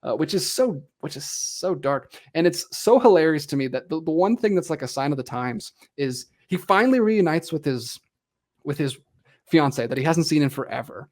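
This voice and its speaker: A man's voice: fairly high pitch, expressive, moderate pace. A man co-hosting a film podcast, chatting casually and acting out characters' lines as he retells scenes. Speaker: podcast co-host.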